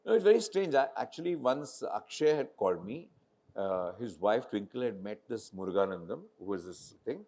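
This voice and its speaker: A man's voice: lowish voice, normal speed. A middle-aged man with an Indian English accent, a film director telling stories onstage and acting out the quoted dialogue. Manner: animated storyteller, acts out quoted dialogue. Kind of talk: casual onstage conversation.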